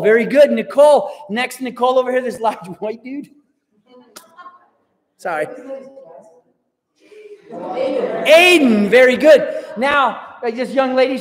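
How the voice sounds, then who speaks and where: Man, youth leader, very high voice, playful and upbeat, hall reverb. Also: normal speed, long pauses. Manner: upbeat, playful, calls out to the crowd. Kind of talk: lively talk to a student youth group. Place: large hall with a live audience.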